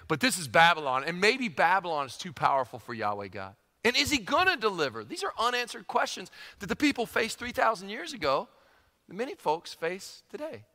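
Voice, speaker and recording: A man preaching a sermon, emphatic and animated, repeating phrases for emphasis. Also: sits high. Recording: long hall reverb.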